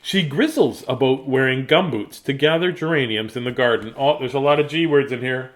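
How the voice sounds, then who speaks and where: A man's voice: mid-range voice, a little fast. A man hosting a casual read-aloud of picture books for children, playful and jokey, with silly asides.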